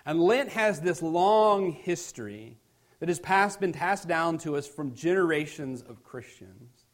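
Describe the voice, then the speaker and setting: A man's voice: a little high, expressive, a little slow. A man preaching a sermon as pastor, reading scripture aloud with rising emphasis and explaining it in a conversational tone.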